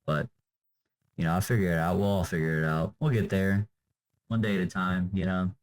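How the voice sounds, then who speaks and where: Low-pitched and steady, a young man speaks briskly in an unscripted vlog captured in a rough recording. He seems tired and drained, rambling loosely with plenty of fillers and trailing off.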